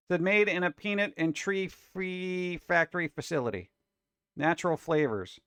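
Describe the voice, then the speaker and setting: An exasperated man hosts a casual reaction show about food videos, cracking jokes between his complaints in an animated, wisecracking way. His fairly high voice swings up and down lively at a normal speed. The sound is dry and close to the mic, with no echo.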